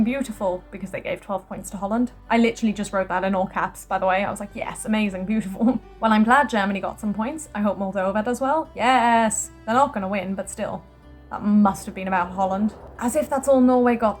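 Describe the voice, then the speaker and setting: In a mid-range voice, a young woman from the UK reads through her notes for a vlog, keeping things casual. She's bubbly and quick to laugh, with frequent startled exclamations.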